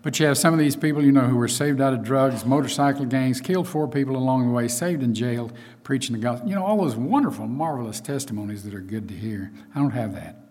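A man's voice: medium pitch, fast talker, few pauses, darkish tone. A man preaching a sermon in a conversational way, with frequent asides and fillers.

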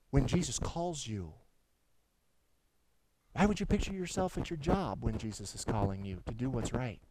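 A man's voice: fairly high pitch, background noise. A middle-aged male pastor preaching a sermon. He tells stories with stammered restarts and keeps asking the congregation questions. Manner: animated storytelling with stammered restarts; asks the audience questions.

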